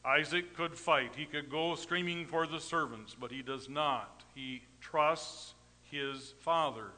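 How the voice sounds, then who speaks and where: A middle-aged man preaching a storytelling sermon, folksy and rambling, with sudden swings between loud emphasis and quiet asides. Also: a little high, takes it slowly, in a large hall. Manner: folksy, rambling anecdotes with tag questions.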